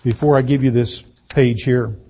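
A man giving a political speech, slow and emphatic, repeating key words for effect. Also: mid-range voice, fairly even intonation, warm tone, husky. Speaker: political speaker.

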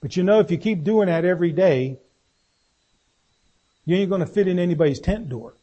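A preacher delivering a sermon in a plain, folksy manner, often turning to the congregation with questions. His voice sits fairly high for a man and has a husky, breathy edge. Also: brisk, warm tone, lo-fi sound.

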